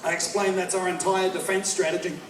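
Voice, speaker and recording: A man's voice: sits high, level tone, brisk. A man doing a brash, swearing stand-up comedy set with mocking impressions. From North America. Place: live comedy venue with audience. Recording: echoey live room, crowd noise, distant mic. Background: crowd laughter.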